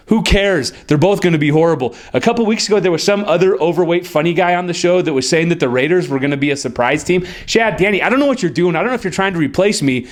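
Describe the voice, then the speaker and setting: Guy football analyst hyped up, sarcastic, kinda high voice that keeps spiking. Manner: excitable, emphatic and sarcastic; jumps high in pitch when worked up. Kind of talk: sports predictions monologue.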